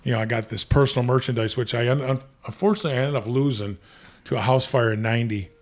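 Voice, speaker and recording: A man's voice: medium pitch, steady tone, fast. Fifty-something guy rambling through old stories on a podcast, lots of um and you know. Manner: rambling, with many restarts and fillers. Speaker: podcast guest. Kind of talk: casual storytelling.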